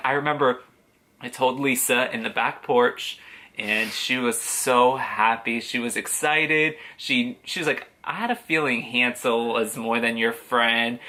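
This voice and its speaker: A man's voice: mid-range voice, pushed and bright. A young man candidly telling an emotional personal story to camera, swearing casually. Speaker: vlogger.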